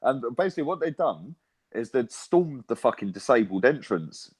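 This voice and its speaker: A man chatting about football with a mate. He tells stories with animation, swears freely and keeps checking in with "right?" and "yeah?". His voice sits at an ordinary middle pitch. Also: sing-song, moderate pace, husky. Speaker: co-host, football fan pundit. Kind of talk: casual football chat.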